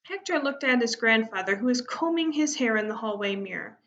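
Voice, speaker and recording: A woman's voice: fairly high pitch, a little fast. Woman teacher reading a story aloud. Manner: steady, expressive narration. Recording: muffled lo-fi recording.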